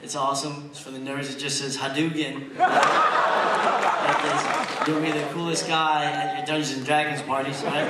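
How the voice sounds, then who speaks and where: A man in young adulthood doing a brash stand-up comedy set with deadpan punchlines, on a large theater stage. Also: fairly high pitch, very noisy. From Pennsylvania, USA. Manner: brash, deadpan punchlines, shouts in put-on quotes. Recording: echoey theater taped from far off, loud crowd laughter.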